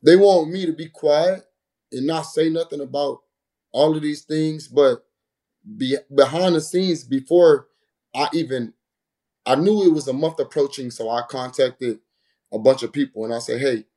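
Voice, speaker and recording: A man's voice: fairly high pitch, moderate pace, warm tone. A professional boxer, a man, speaking straight to the camera in an emphatic, aggrieved monologue that keeps circling back to the same points. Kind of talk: impassioned direct-to-camera monologue.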